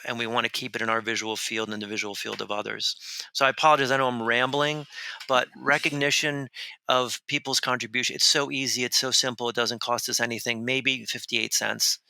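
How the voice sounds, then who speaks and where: A man tells a story as a podcast guest, rambling and restarting as he goes. His voice is gravelly and very bright, with a sharp edge. The sound is dry and close. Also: mid-range voice, no room sound, low-quality recording. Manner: animated, rambling, with many restarts. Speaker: author and guest. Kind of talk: conversational storytelling.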